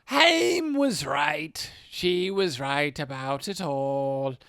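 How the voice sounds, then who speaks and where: Co-host doing a shaken obsessed director guy, put-on accent, slow, gravelly, pitch all over. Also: sing-song, bright, forceful tone, no echo, clean studio sound, heavily acted. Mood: haunted. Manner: slow, halting, swinging between murmurs and outbursts. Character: haunted male site director, shaken and obsessed. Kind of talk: dramatic reading of a log.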